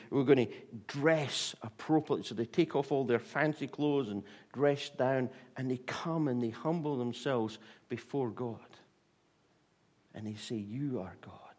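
Animated male preacher. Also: mid-range voice. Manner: animated storytelling with fillers and restarts. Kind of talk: sermon.

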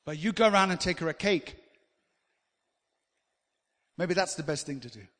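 A man preaching a sermon, animated and swinging between loud emphasis and quiet asides. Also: on the high side, normal speed. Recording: long hall reverb.

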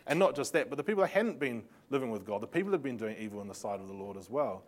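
Speaking very fast at a medium pitch, a man runs through a Bible lesson on slides. He narrates the story in a lively fashion, with sarcastic lines and laughter-filled asides.

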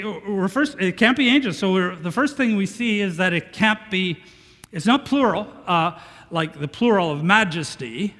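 Pastor guy preaching, kinda high voice, asks the crowd stuff a lot, big hall echo. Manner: animated, asks the congregation questions. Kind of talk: sermon. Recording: long reverb of a large hall.

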